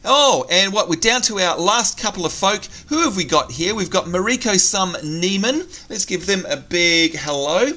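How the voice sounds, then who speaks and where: A man's voice: high-pitched, animated, normal speed, few pauses, pushed and bright. An Australian man co-hosting a game video, chatting enthusiastically and exclaiming as guests show up. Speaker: co-host of a game channel. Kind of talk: casual gameplay chat.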